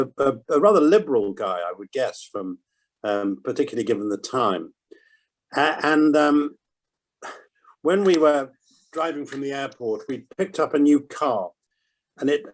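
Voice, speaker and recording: Man in his 70s, mid-pitched, halting anecdotal delivery. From Britain. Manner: hesitant storytelling with many ums and repeated words. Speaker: panel guest. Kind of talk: conversational anecdote.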